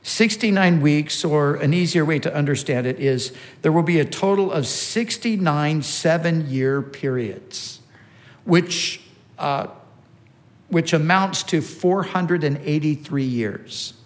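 A man's voice: fairly high pitch, slow pace. Man preaching a teaching sermon. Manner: teaching, with frequent restarts and emphatic repetition.

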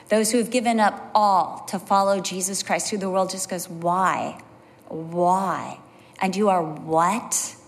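A woman preaching a sermon, telling personal stories in an animated way and dropping to a low, soft voice for emphasis. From California. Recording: long hall reverb.

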